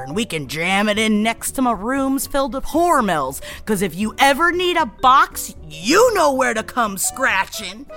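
Woman, podcast co-host, playful, jokey, bright voice, lively pitch. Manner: playful, jokey, quick to laugh. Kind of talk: casual chat and read ad.

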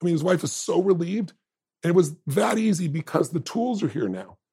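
A man's voice: a little high, expressive, fairly quick, dark tone, slightly rough. A man speaking as an interview guest, telling stories in a heartfelt, emotional and emphatic way. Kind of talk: heartfelt conversational storytelling.

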